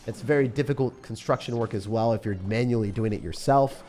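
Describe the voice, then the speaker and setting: A man's voice: mid-range voice, fairly quick, dark tone. A young man chatting casually on a livestream, commenting on his game and answering questions from chat in a self-deprecating way. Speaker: streamer.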